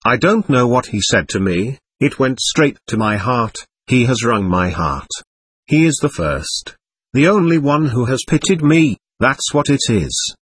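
A man's voice: medium pitch, sing-song, measured pace, fairly bright tone, breathy edge, no room sound, full character voice. A man voicing a passionate, distraught young woman in a storybook reading, with a pleading, overwrought delivery. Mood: heartfelt.

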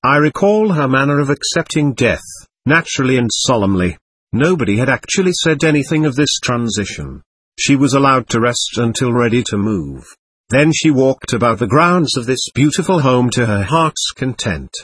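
A man reads a story aloud in a husky, slightly breathy voice, his pitch rising and falling lively. Gentle and expressive at a moderate pace, he's recorded dry and close with no room sound or echo.

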